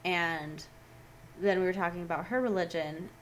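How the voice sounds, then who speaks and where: A young woman with a somewhat low voice chats on a podcast, candid and rambling, with casual swearing. Faint noise sits under the lo-fi recording. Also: steady tone, normal speed. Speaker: podcast co-host. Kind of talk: casual chat.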